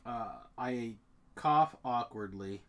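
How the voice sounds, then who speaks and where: A man's voice: mid-range voice, slow, a bit bright, lo-fi sound. A man playing a tabletop game, joking in a dry, sarcastic way. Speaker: player. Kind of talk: casual role-play banter.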